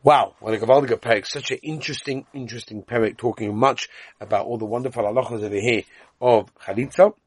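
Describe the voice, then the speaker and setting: A man's voice: medium pitch, fast talker, slightly rough, no echo. A man teaching Talmud in Yeshivish English with a Yiddish lilt, chanting the text in sing-song and then explaining it. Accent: Yiddish-inflected Yeshivish English. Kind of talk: chanting and translating a Talmud lesson.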